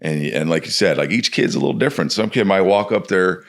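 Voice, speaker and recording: A man's voice: deep voice, lively intonation, fast. A man from Chicago, a former pro baseball player, talking casually as a podcast guest and acting out quotes as he speaks.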